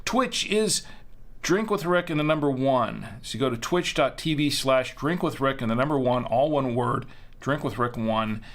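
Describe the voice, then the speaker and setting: A man's voice: mid-range voice, animated, normal speed. A man hosting a live-streamed show, chatting casually in a rambling way and correcting himself as he goes. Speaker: host.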